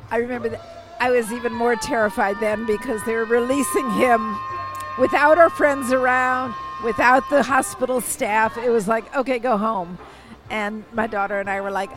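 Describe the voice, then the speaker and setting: An older woman with a somewhat high voice recounts a personal story in an easy, conversational way. She pauses often with fillers and restarts her sentences. Music plays clearly behind her. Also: low-quality recording.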